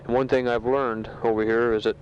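Soldier in his bunker reading out news to family; flat, plain, matter-of-fact man, muffled lo-fi tape. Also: mid-range voice, slight background noise. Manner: matter-of-fact, halting with many fillers. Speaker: soldier sending a taped letter home. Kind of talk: casual spoken letter. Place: sandbag bunker in a war zone. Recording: dull lo-fi home tape recording.

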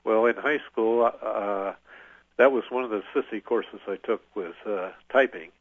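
An older man, a veteran, recalling his service in an oral history interview, halting with many filler pauses. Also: fairly low pitch, dry recording. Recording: tinny phone-like line, dry.

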